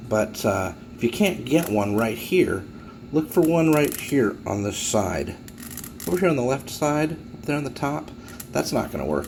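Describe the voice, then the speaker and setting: Animated man teaching a puzzle. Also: mid-range voice, gravelly, a little hiss or hum. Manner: animated, chatty, builds a mental picture. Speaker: puzzle tutorial host. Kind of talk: casual tutorial with storytelling.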